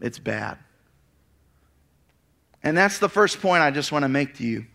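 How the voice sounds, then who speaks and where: A man preaching a sermon, reading scripture aloud and then retelling it as a lively story with casual asides. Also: fairly high pitch, fast. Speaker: pastor. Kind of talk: expository sermon.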